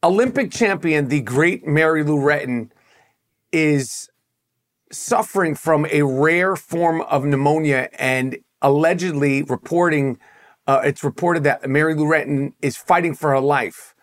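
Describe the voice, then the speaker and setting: A man's voice: on the high side, unhurried. A man hosting a podcast in casual banter, emphatic and profane, full of street slang. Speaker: podcast host.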